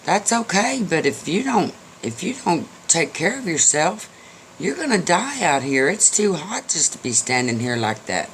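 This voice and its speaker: A man's voice: on the high side, sing-song, normal speed, fairly bright tone, pitched above the performer's own voice. An eager, kindly mule in a told storybook tale, as a man puts him on, coaxing in a lifted voice. A faint hiss of noise sits under the recording. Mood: urging. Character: kindly, helpful male mule.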